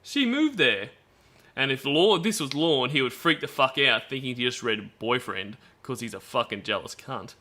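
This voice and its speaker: A man's voice: mid-range voice, normal speed, few pauses, bright, forceful tone. A man giving blunt, profane commentary on a stream, reading out and reacting to chat logs. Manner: blunt, swearing, disgusted.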